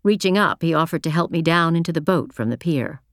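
Female audiobook narrator, low voice, measured reflective first-person read, dry booth sound. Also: lively intonation, dry recording.

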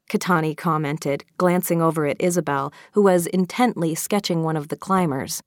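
A woman narrating a children's novel as an audiobook reader, in a steady, even storytelling manner. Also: low-pitched, moderate pace, few pauses, no echo, clean studio sound. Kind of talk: scripted narration.

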